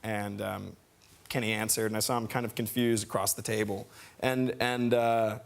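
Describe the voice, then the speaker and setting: A young man telling an excitable anecdote on a talk show, laughing and stammering as he acts out the voices. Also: fairly low pitch, normal speed, gravelly. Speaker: actor telling a story. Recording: noisy archive clip.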